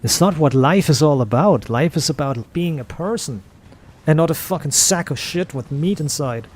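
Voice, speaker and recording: Gaming creator, male, slightly high voice, venting in an angry, repetitive, swear-heavy rant; faint hum underneath. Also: lively intonation, normal speed. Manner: frustrated, profane, repetitive ranting. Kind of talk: off-topic rant over gameplay.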